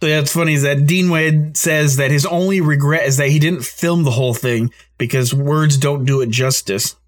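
A man's voice: a little high, steady tone, normal speed. A man hosting a podcast, telling a story in a casual, rambling way and laughing often. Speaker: podcast host.

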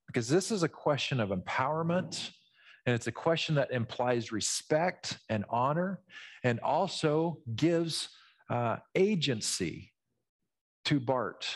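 A male pastor gives a lively teaching sermon in a mid-range voice, explaining the text and acting out its characters. He moves between relaxed explanation and dramatic read-aloud. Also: medium pitch, slow. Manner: animated, teacherly, acts out voices in the story.

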